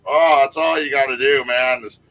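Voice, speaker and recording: A man co-hosting a casual livestream from his backyard, jokey and chatty, with loud bursts of mock singing. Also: medium pitch, steady tone, moderate pace, low-quality recording. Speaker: co-host of a livestream. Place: outdoors in a backyard. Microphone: laptop microphone.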